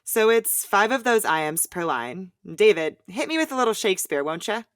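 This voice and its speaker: A woman hosting a poetry lesson, explaining clearly and chanting the rhythm of verse in an upbeat way. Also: medium pitch, big pitch swings, normal speed, no echo, studio quality. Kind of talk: scripted educational explanation.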